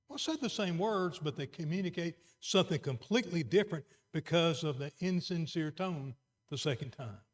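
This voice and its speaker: A middle-aged man preaching a sermon, moving between quiet, earnest emphasis and raised exhortation. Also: on the high side, expressive, moderate pace.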